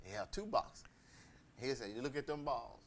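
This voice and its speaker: A man's voice: mid-range voice, moderate pace, a little hiss or hum. A man hosting a casual chat, telling stories with laughter and acting out the people he quotes. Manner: animated, laughing, acts out quoted voices. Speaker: host.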